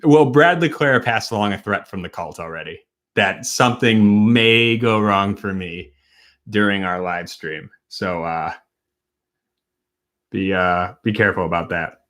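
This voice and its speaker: A man from Wisconsin hosting a casual late-night livestream, a bit tipsy, rambling and halting as he talks. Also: lowish voice, a bit bright. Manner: rambling, halting, with many fillers and restarts. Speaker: host.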